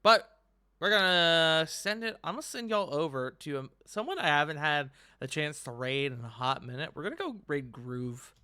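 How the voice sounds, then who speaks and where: A man's voice: on the high side, moderate pace, pushed and bright, clean tone, no room sound. A man hosting and running a tabletop game, giving joking, upbeat sign-offs at the end of a stream. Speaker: game master and host. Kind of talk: casual stream outro.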